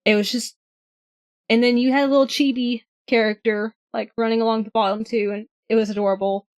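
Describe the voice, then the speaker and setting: A woman's voice: on the high side, level tone, fairly quick. Cheerful woman on a gaming podcast. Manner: cheerful, enthusiastic. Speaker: podcast co-host. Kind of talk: casual chat.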